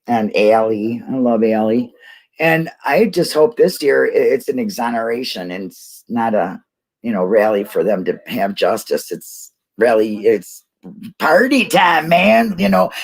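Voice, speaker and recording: A woman's voice: very deep voice, gravelly, breathy edge. A woman hosting a casual livestream, rambling and laughing as she talks to her viewers. She gets emotional easily. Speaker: YouTube livestream host.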